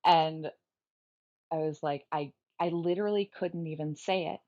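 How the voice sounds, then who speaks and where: A woman's voice: low-pitched, fairly even intonation, a little slow, darkish tone. A woman co-hosting a podcast, speaking openly and reflectively about personal experiences and laughing easily. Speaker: podcast co-host. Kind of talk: candid podcast conversation. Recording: dull lo-fi sound.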